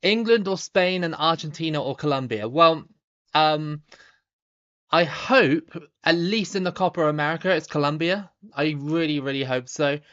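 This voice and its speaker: A man in his thirties with a Somerset accent, chatting casually on a live stream while reading viewer comments, relaxed, with lots of ums and restarts. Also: fairly high pitch, normal speed, lo-fi sound. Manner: relaxed, chatty, frequent ums and repeated starts, laughs easily.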